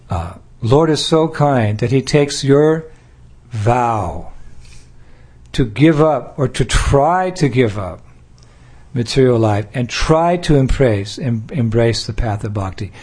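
Older american preacher, husky, playful, acts out little bits. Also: male voice, mid-range voice, expressive, measured pace, darkish tone. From United States. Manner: playful, acts out little scenes and quotes, laughing along. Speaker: spiritual teacher. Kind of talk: devotional talk.

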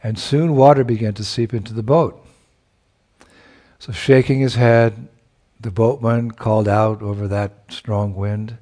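A man preaching a sermon by retelling a sacred story, reflective, chuckling at times and pausing to search for words. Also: fairly low pitch, fairly even intonation, warm tone.

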